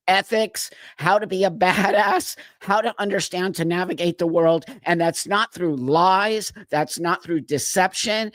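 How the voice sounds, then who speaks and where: A man's voice: high voice, no room sound, clean studio sound. A middle-aged man hosting a live stream, talking earnestly and emphatically, his voice cracking with emotion.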